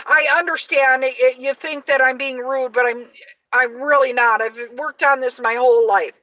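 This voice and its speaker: A loud, energetic woman in her forties talks loosely on a live stream, full of "um"s and restarts. Her voice is high and bright. The sound is dry and picked up from a little way off the mic. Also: moderate pace, dry recording, far from the mic, rough recording. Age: 40s. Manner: loud, energetic, chatty with many fillers. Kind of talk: casual live-stream chat.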